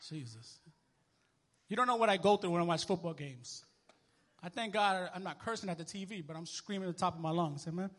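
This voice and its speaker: A man preaching a sermon as minister, conversational and animated, checking in with the congregation as he goes. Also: high-pitched, brisk. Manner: animated, conversational preaching with sports illustrations and call-and-response. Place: church.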